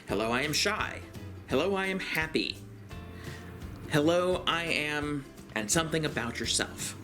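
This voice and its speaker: A man giving a calm, step-by-step craft tutorial for a library. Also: fairly high pitch.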